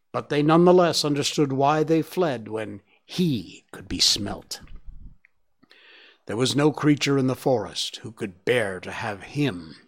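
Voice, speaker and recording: Brief: a man narrating a storybook, slow and measured, dramatic with hushed moments. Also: mid-range voice. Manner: measured, dramatic, drops to a hush. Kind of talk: storybook reading.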